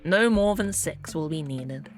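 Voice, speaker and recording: With soft background music behind her, a woman with a low voice streams a game, chatting in an animated but unhurried way. She's playful and makes fun of herself as she plays.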